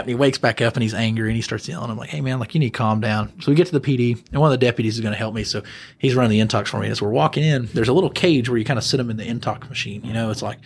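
A man's voice: medium pitch, slightly rough. A man, a police officer guest, casually telling a rambling story on a podcast and laughing now and then.

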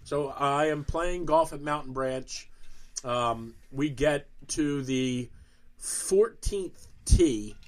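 A man guesting on a sports podcast, telling an anecdote in casual chat and laughing through his punchlines. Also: on the high side.

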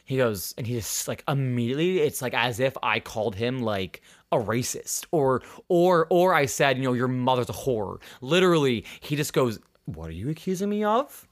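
Young male podcast host, casual and profane, lively pitch. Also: normal speed, few pauses. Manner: animated, acts out quoted voices, swears freely. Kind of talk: casual storytelling chat.

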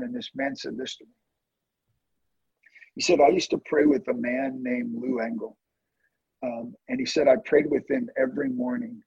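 Gravelly, husky man telling a testimony. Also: moderate pace, no echo, muffled recording. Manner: earnest, emotional testimony with animated swings in pitch. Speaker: guest, prayer ministry leader. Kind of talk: storytelling in a conversation.

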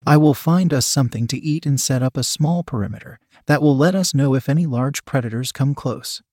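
A man's voice: mid-range voice, a little fast, darkish tone, dry recording, studio quality, lightly acted. A man reading a bossy, cheerful outdoorsy woman. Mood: confident. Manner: firm, cheerful, takes charge. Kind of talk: read-aloud story dialogue.

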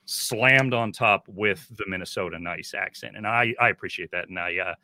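A man's voice: on the low side, moderate pace, bright, forceful tone, no echo. A man co-hosting a casual film podcast, chatty and given to teasing anecdotes. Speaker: podcast co-host.

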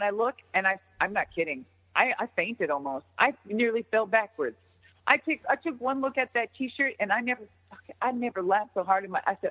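A woman's voice: fairly high pitch, slightly rough. A middle-aged woman, a former wrestler, telling stories in a casual interview, swearing freely and acting out what others said. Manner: animated, swears freely, acts out quoted dialogue. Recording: tinny phone-like line with long reverb.

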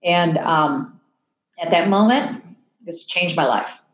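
A woman in her fifties, a television personality telling an emotional story in a podcast interview, animated and acting out the voices she quotes. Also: lowish voice, slow pace, echoey room, low-quality recording. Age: 50s.

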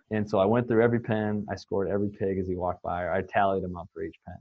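A man's voice: low voice, little pitch movement, quick pace, a little mellow, no room sound, highs cut off. A man guest on a podcast, telling long anecdotes in a rambling, casual way with many fillers and restarts. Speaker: swine nutrition guest. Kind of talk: casual storytelling in a podcast interview.

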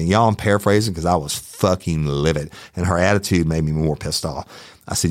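A middle-aged man with a deep voice hosts a true crime podcast, talking fast as he tells a story in a casual monologue. His animated retelling is heated and profane, and the audio is studio quality with no room sound.

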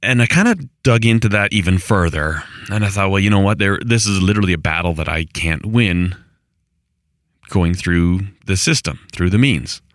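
A man's voice: low voice, normal speed, fairly bright tone, no echo, clean studio sound. A middle-aged man talking to camera in a rambling, conversational monologue, with restarts and exasperated asides. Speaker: vlogger on rural homestead life. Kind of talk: casual monologue.

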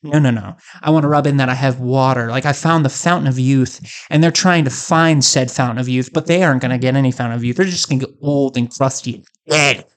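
A man's voice: medium pitch, fast, few pauses. A man doing a rambling comic monologue, joking and sarcastic. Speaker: comedic host.

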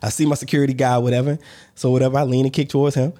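A man co-hosting a casual podcast, telling a story with lively pitch swings and acted-out quotes. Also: rapid-fire. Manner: animated storyteller, acts out quoted voices, laughs between lines. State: on crutches. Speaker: podcast co-host.

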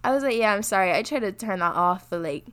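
A young Barbadian woman co-hosting a casual podcast. She talks in an animated, chatty way and laughs easily, with her voice sitting at an everyday middle pitch. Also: quick pace, clear, resonant tone. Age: young adult. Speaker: podcast co-host. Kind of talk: casual chat.

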